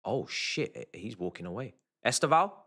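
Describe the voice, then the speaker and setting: A young man hosting a live football watchalong, muttering reactions that flare into loud outraged shouting. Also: fairly low pitch, sing-song, moderate pace. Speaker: livestream football watchalong host. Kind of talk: live match watchalong commentary.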